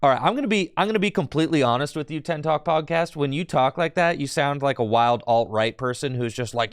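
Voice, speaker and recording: Male streamer, smooth clear voice, dry close sound, laid-back banter with chat. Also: mid-range voice, animated, brisk, no room sound. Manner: chatty, talks back to viewers in chat. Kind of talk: casual live-stream chat while playing a card game.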